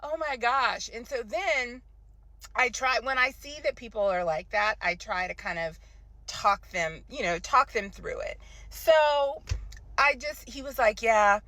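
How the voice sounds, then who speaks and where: Host, woman, bright voice, animated storyteller. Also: a little high, a little slow, no echo. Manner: animated, dramatic retelling with sudden loud quoted lines. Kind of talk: casual storytelling chat.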